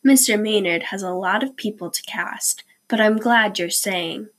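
A woman's voice: mid-range voice, a little slow, natural voice. A woman reading the part of a cheerful, sensible girl.

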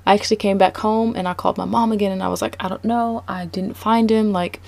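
A young woman telling a personal story in a casual, animated way, full of "like" and sudden high-pitched outbursts. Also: fast talker, creaky, hardly any pauses, dry recording. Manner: animated, frequent "like", voice jumps high when excited.

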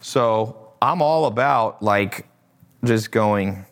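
A man's voice: on the low side, slow pace. A man hosting a casual livestream as an e-commerce coach, talking bluntly and with lots of animation, swearing now and then and laughing at his own jokes.

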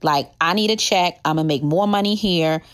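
A woman's voice: on the low side, moderate pace, smooth, no room sound, clean studio sound. A young adult woman telling her own story in a candid, conversational way with casual slang. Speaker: former 911 dispatcher telling her story. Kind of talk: personal storytelling.

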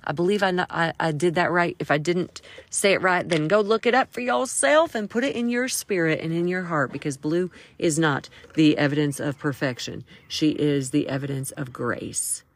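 A woman's voice: deep voice, normal speed, few pauses. A woman hosting a devotional encouragement talk, praying aloud in a playful, quirky way and breaking into snippets of worship song. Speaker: host.

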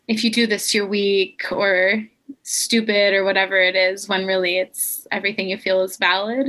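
A young woman life coach talking earnestly and encouragingly in a casual podcast conversation. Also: mid-range voice. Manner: earnest, encouraging, quotes others in lively voices.

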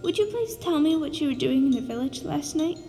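A woman's voice: sits high, expressive, a little fast, creaky, warm tone, long reverb tail, voice pushed up. A woman reading a storybook aloud and voicing a plucky, curious young orphan girl in an earnest, matter-of-fact way.

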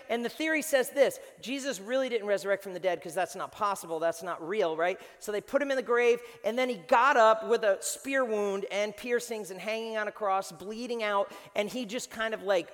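A male pastor with a high voice, preaching in an animated, chatty storytelling way. His voice rings with a long reverb across a large hall. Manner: animated storytelling with casual fillers. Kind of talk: sermon.

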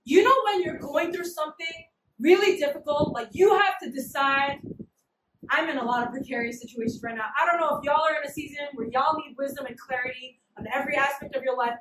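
A young woman giving a casual, humorous sermon, slangy and animated, acting out little scenes. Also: high-pitched, brisk, a little hiss or hum. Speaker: preacher. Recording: echoey room, mic at a distance.

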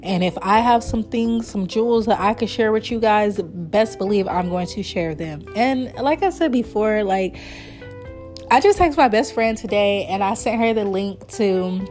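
A woman in her early thirties hosts her own podcast, rambling warmly between topics and breaking into laughter. Her voice sits at an ordinary pitch for a woman, with faint music underneath. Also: unhurried. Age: 30s. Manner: chatty, rambling, laughs often, emotional and sincere. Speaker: podcast host. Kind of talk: casual solo podcast chat.

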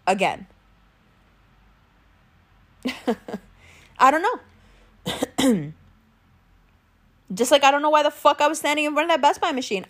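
A young woman with a high voice talks straight into the mic in a raw, confessional monologue. She swears freely and keeps circling back to her feelings. At times she speeds up in frustration, and at other times she slows right down. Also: a bit bright. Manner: emotional, profane, confessional. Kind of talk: candid monologue.

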